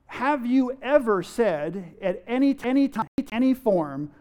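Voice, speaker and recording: A man preaches in a high, expressive voice with a darkish tone, keeping a measured pace and few pauses. Playful and chuckling, he peppers the crowd with rhetorical questions and acts out everyday remarks.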